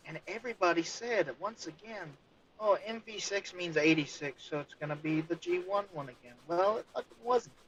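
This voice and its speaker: A man's voice: sits high, moderate pace, a bit bright, low-quality recording. A man co-hosting a casual podcast, ranting emphatically and insistently. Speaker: podcast co-host. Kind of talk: casual chat.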